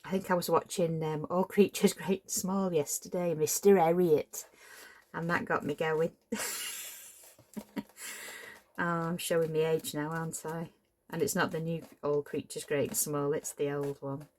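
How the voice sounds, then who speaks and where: A woman's voice: low-pitched, flat delivery, normal speed, a little mellow. A middle-aged woman, casually demonstrating a papercraft build, chatty and apologetic and prone to tangents. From Cheshire, England. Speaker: papercraft tutorial host.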